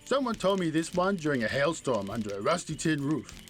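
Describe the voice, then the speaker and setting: A jolly joke-teller in a video game. His voice sits a little high, chatty and full of chuckles. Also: sing-song, fairly quick, soft background music. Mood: jokey. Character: jolly male outback joke-telling trader.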